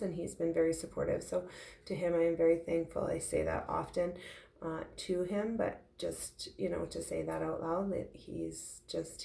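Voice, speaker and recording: A tearful woman speaks in a heartfelt, halting way in a personal confessional vlog. Her voice sits low and has a gravelly edge. The recording sounds roomy and echoey. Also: dark tone. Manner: heartfelt, halting, with frequent fillers. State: tearful, emotional. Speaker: intuitive medium sharing her grief.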